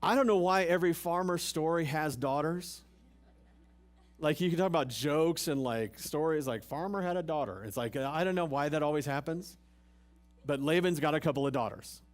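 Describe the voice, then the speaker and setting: A man's voice: a little high, normal speed. A male pastor giving a sermon at a church service, talking casually with jokes and rhetorical questions to the congregation. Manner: conversational, humorous preaching with rhetorical questions.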